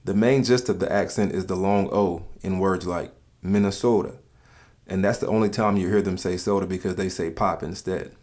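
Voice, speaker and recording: A man from the States, giving calm, measured scripted narration for a countdown video. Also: low voice. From Southern United States.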